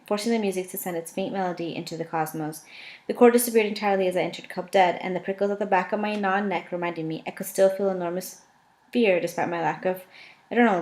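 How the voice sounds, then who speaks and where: A woman's voice: on the low side, a little mellow. A woman reading a first-person novel aloud in a casual, unpolished way, correcting her own slips as she goes. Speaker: audiobook reader.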